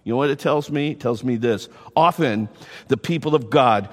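A middle-aged male pastor preaching a sermon in an animated way, repeating words and adding quick asides. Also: mid-range voice, in a large hall.

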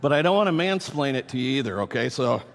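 A man preaching a sermon, emphatic and animated, with playful asides to the congregation. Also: medium pitch, fast talker. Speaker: pastor. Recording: long hall reverb.

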